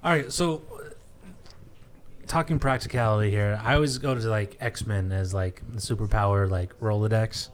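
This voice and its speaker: A man's voice: on the low side, slight background noise. A man in casual podcast chat who laughs easily and jokes around. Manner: laughs easily, jokey and quick to agree.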